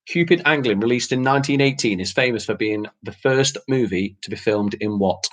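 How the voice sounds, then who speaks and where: A man runs a relaxed quiz night, reading each question and answer aloud in an easygoing, chatty manner. His voice sits at an ordinary middle pitch, and he slips in laughs and mild swearing. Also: brisk. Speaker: quiz host.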